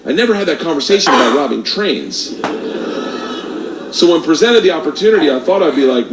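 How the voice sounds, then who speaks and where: A man telling a stand-up comedy story, loud and animated, laughing at his own jokes. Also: on the high side, a little fast, long pauses, recorded from a distance. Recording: echoey stage sound from afar with noise.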